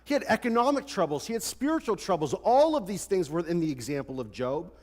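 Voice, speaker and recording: Animated male pastor in a reverberant hall. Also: sits high, fairly quick. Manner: animated, conversational, rhetorical questions. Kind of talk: sermon. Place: large church hall. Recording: long church hall reverb.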